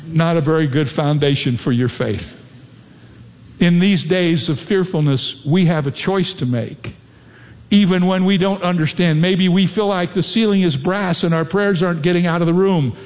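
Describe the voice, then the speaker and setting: Preaching pastor with a higher voice in a hall. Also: male voice, normal speed, darkish tone. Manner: earnest preaching, acts out sample prayers, chuckles often. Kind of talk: sermon. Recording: long echo of a large hall.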